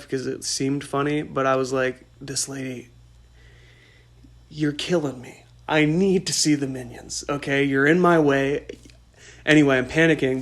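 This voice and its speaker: A man in his twenties hosting a podcast, telling a rambling story in an excitable way and laughing often. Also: fairly high pitch. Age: 20s. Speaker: podcast host. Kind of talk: casual storytelling monologue.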